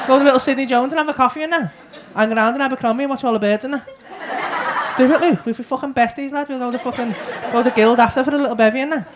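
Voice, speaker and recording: Rowdy sweary young Scouse comedian. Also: male voice, very high voice, fast talker, noisy background. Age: young adult. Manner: rowdy, sweary, chatty with the crowd. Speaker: stand-up comedian. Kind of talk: crowd work and stand-up storytelling. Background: audience laughter.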